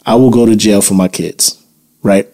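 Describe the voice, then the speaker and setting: Guy ranting on his podcast, kinda low voice, blunt and cussing, heated. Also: fairly even intonation, moderate pace, dark tone. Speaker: podcast host. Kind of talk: opinion monologue podcast.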